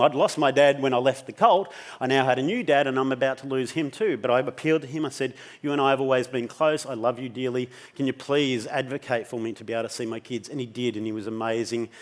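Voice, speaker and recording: A middle-aged Australian man giving a personal storytelling talk on stage, intense and emotional, swearing freely. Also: medium pitch. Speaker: keynote speaker.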